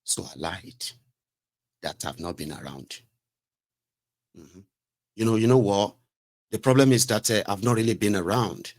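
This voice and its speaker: A man with a Nigerian accent giving casual political commentary in a rambling, mocking way, slipping between English and pidgin. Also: lowish voice. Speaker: commentary host.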